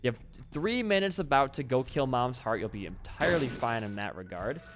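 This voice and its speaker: Lively, excitable man commentating a game. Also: medium pitch, brisk, noisy background. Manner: excitable, swears freely, talks at the game. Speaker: gaming channel host. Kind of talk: live gameplay commentary.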